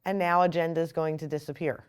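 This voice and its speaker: A woman explaining software step by step in a screen-recorded tutorial. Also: deep voice, fairly even intonation, fast talker, smooth. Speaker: software instructor.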